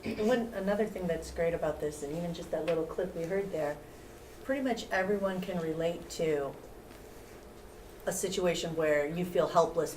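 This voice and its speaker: A woman with a somewhat low voice speaks earnestly on a panel, leaning on "you know". The mic is far off in the room. A faint hiss runs beneath her. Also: darkish tone. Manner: earnest, with frequent 'you know'. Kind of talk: casual panel discussion. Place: lecture room at a library event.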